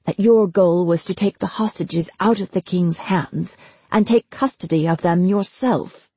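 A tense, impatient young nobleman speaks tersely and demands answers, as a woman narrating a storybook puts him on. The voice is husky with gravel in it. The recording is dry and close. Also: lowish voice, measured pace, warm tone, no room sound. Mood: angry.

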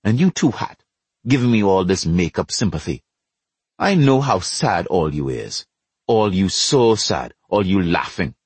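Guy putting on a husky trinidadian hothead, scornful outbursts, pitch jumping all over. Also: big pitch swings, measured pace, no echo, full character voice. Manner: loud, scornful, sarcastic outbursts. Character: blustering Trinidadian man, jealous, hot-tempered.

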